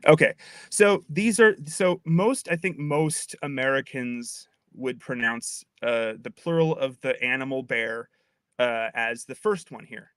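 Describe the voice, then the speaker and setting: A man's voice: mid-range voice, measured pace, fairly bright tone, clean tone, no echo, studio quality. A man, a linguist on a video call, patiently explaining speech sounds in a casual chat with playful asides. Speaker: linguist guest.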